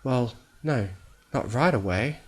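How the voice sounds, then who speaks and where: A man voicing a timid young female pegasus filly with a soft, quavering voice that hisses when she is upset, in a storybook reading. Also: medium pitch, expressive, slow, slightly rough, voice pushed up. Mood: unsure soft.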